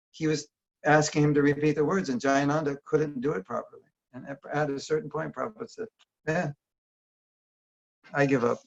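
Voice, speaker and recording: Dull, lo-fi online audio carries a man's fairly high, gravelly voice. He's a workshop teacher speaking casually over a video call, quizzing his listeners conversationally as he goes.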